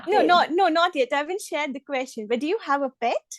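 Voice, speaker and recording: Woman host, high voice, slow, deliberate, dry close sound. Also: lively intonation, no echo. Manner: slow, deliberate, repeats questions. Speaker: table topics master. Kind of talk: meeting host prompts.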